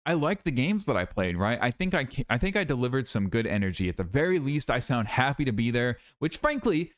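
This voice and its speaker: A young man talks straight to camera in a loose vlog monologue, sounding tired and worn out. His voice sits fairly low. He rambles, doubts himself, and circles back over the same points. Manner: rambling, self-critical, repeats himself. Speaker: YouTuber.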